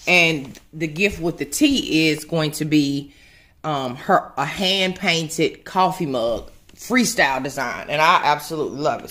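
A woman's voice: deep voice, fairly bright tone. A woman, chatting casually to her viewers at home, rambling and a little out of breath. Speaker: vlogger. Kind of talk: casual chat to camera. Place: home, at a table.

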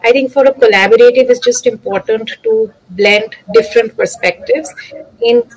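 A woman's voice: a little high, normal speed, a little mellow, husky, poor audio. A woman speaking as a panelist in an online discussion, thoughtful, with frequent fillers.

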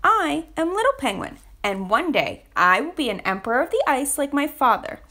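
A woman voicing a small, eager young male penguin chick in a storybook reading, with a high, piping, anxious voice. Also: very animated, normal speed, pushed and bright, exaggerated voice.

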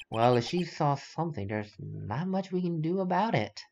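Wry casual gaming host. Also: male voice, fairly high pitch, sing-song, normal speed, gravelly, few pauses, a little mellow, soft background music. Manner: casual, wry, self-mocking. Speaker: let's play host. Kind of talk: game playthrough commentary and reading.

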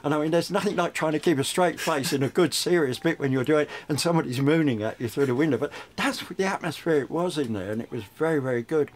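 A man's voice: fairly high pitch, fast, few pauses. An older man, a radio DJ chatting through memories in an interview, rambling with frequent restarts. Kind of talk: reminiscing interview.

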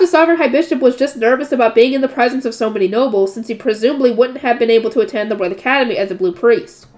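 A woman's voice: fairly high pitch, racing, few pauses, a little mellow. A woman reading a light novel aloud and stopping now and then for casual comments. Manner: breaks off for chatty comments and laughs at herself.

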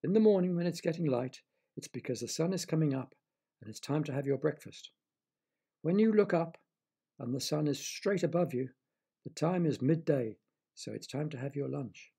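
A man reading a children's story aloud, gently stopping to explain things to young listeners. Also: on the high side, normal speed, vocal fry, slightly rough.

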